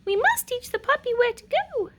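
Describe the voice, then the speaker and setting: Storybook queen, fussy and doting, very high and shrill, as a woman reader puts her on. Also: very animated, moderate pace, heavy background noise. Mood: encouraging. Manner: shrill and exclaiming.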